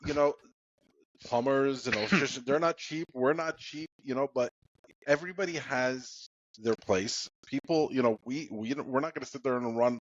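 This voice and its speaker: A man co-hosting a podcast in a calm, laid-back way, leaning on lots of "you know" fillers. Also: mid-range voice, normal speed, dull audio. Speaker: podcast co-host. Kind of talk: casual podcast chat.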